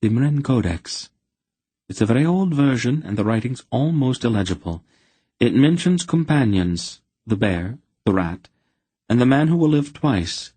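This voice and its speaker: A man doing a calm, wise aunt. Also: mid-range voice, a little slow, breathy edge, no echo, voice pushed up. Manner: calm, matter-of-fact, lightly dry. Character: calm wise older woman, protective aunt.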